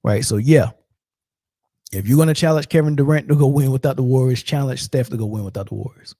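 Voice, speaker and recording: A man's voice: mid-range voice, brisk, dark tone, no room sound, studio quality. A man in his forties hosting a sports show, talking loose and slangy in a rambling, storytelling way. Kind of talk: casual sports talk.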